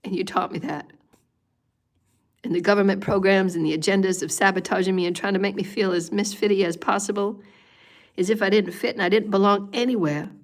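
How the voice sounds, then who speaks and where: A woman's voice: medium pitch, fairly even intonation, fairly quick. Woman giving an emotional spiritual talk. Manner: intense, repetitive, pleading, drops to whispers. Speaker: spiritual meditation host. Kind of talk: emotional spiritual talk during a live meditation.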